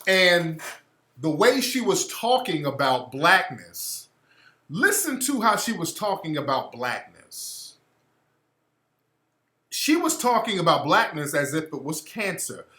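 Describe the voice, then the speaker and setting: Combative bright-voiced male radio host. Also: on the high side, very animated, slow pace. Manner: combative, profane, mocking. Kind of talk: opinionated radio monologue. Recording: echoey room.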